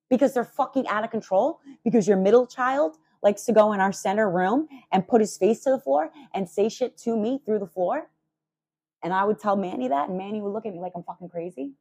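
A woman hosting a podcast, ranting fierily and sarcastically, swearing constantly and leaping up in pitch for emphasis. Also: moderate pace, husky. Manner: animated, leaps up in pitch for emphasis. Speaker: podcast host. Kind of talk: profane podcast rant.

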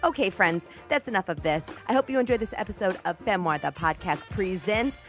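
A woman's voice: mid-range voice, lively intonation, music in the background. Playful woman podcast host. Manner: playful, rambling storytelling with quick asides. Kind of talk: comedy podcast monologue.

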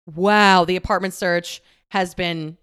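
A woman's voice: on the low side, fairly even intonation, takes it slowly, fairly bright tone, smooth. A woman in her twenties telling a personal story to the camera in a loose, candid way. She swears freely, laughs often and fills her talk with "like" and acted-out quotes. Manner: chatty, many fillers and acted quotes.

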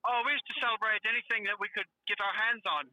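Man doing a centuries-old Irish caller, put-on Irish accent, high bright voice, fast rambling talk, tinny phone line. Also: steady tone, no echo. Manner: rambling, reminiscing, bawdy.

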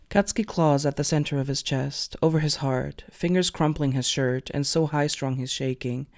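A man narrating fan fiction aloud in an expressive storytelling way. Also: fairly high pitch, normal speed, hardly any pauses.

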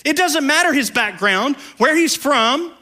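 A man preaching a sermon as pastor, dropping to hushed low lines and rising to loud raised ones, with playful conversational asides. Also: expressive, unhurried.

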